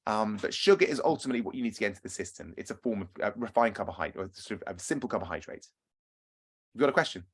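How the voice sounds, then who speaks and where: A man's voice: fairly low pitch, animated, rapid-fire, slightly rough. A man speaking as a running coach in a webinar, chatty and self-deprecating, often restarting and repeating words, heard over a video call. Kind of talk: webinar talk.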